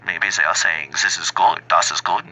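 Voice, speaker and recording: A man putting on a bumbling, halting German accent, playing an overly polite German man who keeps searching for his words. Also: deep voice, fairly even intonation, sharp tone, heavily acted, low-quality recording. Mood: mocking. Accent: put-on German.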